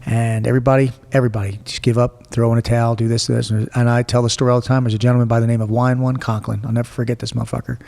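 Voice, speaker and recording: Gravelly, profane man in his forties. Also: medium pitch, racing, hardly any pauses, long reverb tail. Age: 40s. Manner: blunt, profane, animated storyteller. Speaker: guest. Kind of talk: casual storytelling interview.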